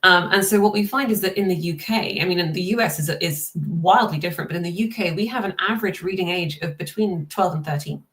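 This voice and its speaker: Articulate woman, lowish voice. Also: fairly bright tone. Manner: articulate, explanatory, quick asides. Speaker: guest consultant. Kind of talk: casual interview chat.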